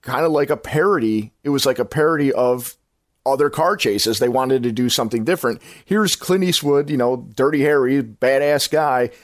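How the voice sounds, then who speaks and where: A man hosts a podcast, discussing films casually with rambling enthusiasm that doubles back and self-corrects. He speaks at a moderate pace with a mid-range voice. The audio is studio quality with no room sound.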